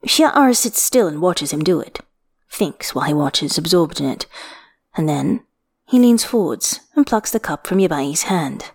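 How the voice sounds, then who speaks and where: Woman narrator, slightly low pitch; unhurried, intimate fiction reading. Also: expressive, husky. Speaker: reader.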